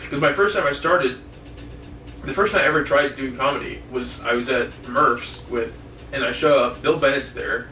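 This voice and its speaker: A man's voice: medium pitch, moderate pace, bright, forceful tone. A young man co-hosting a casual podcast, telling rambling stories full of swearing and laughter. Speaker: podcast co-host. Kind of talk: casual chat. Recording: echoey room from far off, faint noise.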